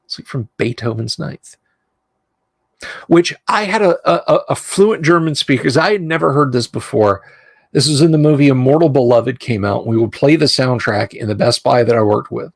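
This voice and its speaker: A middle-aged man hosts, reading passages from a game rulebook and breaking off into rambling personal asides. His voice is gravelly and fry-laden, recorded dry and close, with a mid-range pitch and frequent self-corrections. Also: moderate pace, no room sound. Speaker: host. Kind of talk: reading a rulebook aloud with commentary.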